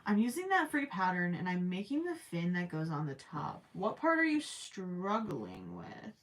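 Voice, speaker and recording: A woman's voice: on the low side, huge pitch swings, normal speed, few pauses. A woman chatting casually with her viewers while she crochets, rambling with plenty of ums and self-deprecating asides. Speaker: crochet livestream host.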